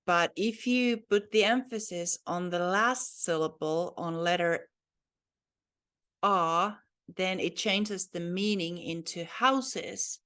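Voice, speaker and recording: Woman, language teacher, patient explanations, slow, lowish voice. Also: a bit bright. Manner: patient, explanatory, with many fillers and restarts. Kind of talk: language lesson.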